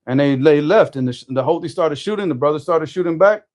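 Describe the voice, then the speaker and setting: A man telling a story in casual conversation, animated, often restarting his sentences. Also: a little high, fast. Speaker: storyteller guest.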